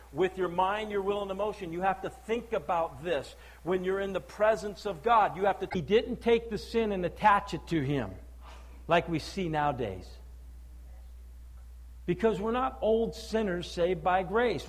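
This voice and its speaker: A male preacher giving a sermon, emphatic and full of rhetorical questions, swinging between loud declaiming and low, quiet stress. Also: poor audio.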